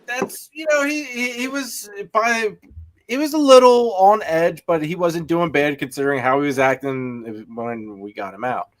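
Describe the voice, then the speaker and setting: Higher-voiced man rambling through a story. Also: normal speed. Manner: rambling, stumbles on words, laughs often. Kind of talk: casual storytelling chat.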